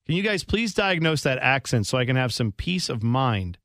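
A man's voice: mid-range voice, sing-song, moderate pace, a bit bright, dry recording. A man hosting a sports radio show in casual talk, dry and playful, stretching out his questions and explaining games at length. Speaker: radio host.

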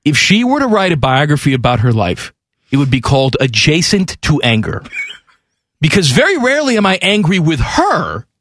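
A man hosting a radio show, joking loudly and mocking himself in casual banter. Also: on the high side, huge pitch swings, moderate pace, no room sound. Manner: loud, joking, self-mocking.

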